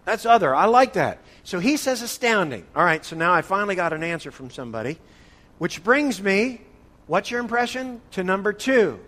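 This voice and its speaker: With a high, sing-song voice that's a bit bright and moves at normal speed, a northern U.S. man teaches a church Bible study session. He keeps it interactive, teasingly picking out people by name, and the recording carries long hall reverb.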